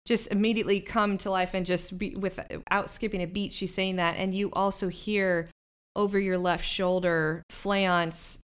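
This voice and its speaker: A woman's voice: mid-range voice, steady tone, unhurried, clean tone. A woman narrating a tabletop game as game master, describing scenes unhurriedly with fillers.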